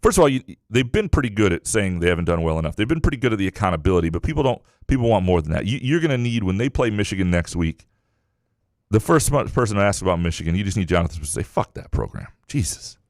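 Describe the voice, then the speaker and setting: A man's voice: fairly low pitch, expressive, racing, a little mellow, dry recording, clean studio sound. A man co-hosting a sports podcast in casual chat, rambling and often restarting his thoughts. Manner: rambling, self-correcting. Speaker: podcast co-host.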